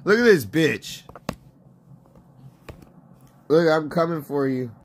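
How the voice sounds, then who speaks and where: Rowdy, lively high-voiced male streamer. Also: slow pace, slight background noise. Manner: crude, rowdy, bursts into shouting. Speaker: livestreamer. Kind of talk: profane livestream gameplay chatter.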